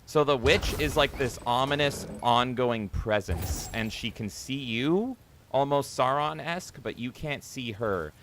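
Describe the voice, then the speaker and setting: A man's voice: medium pitch, a little slow, fairly bright tone, a little hiss or hum. A man streaming a video game, giving rambling, casual commentary with frequent swearing and jokes. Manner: rambling, swears freely, jokey.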